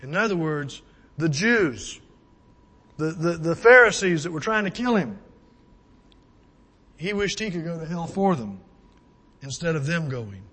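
A man's voice: fairly high pitch, big pitch swings, measured pace, long pauses, a bit bright, husky. A man preaching a sermon in an earnest, pleading way, asking many rhetorical questions and often repeating words as he restarts. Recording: long hall reverb.

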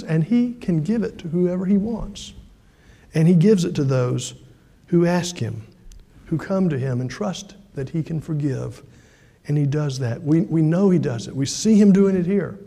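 A man preaching a sermon as pastor, acting out the quoted voices with sudden jumps in pitch. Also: warm tone, long reverb tail.

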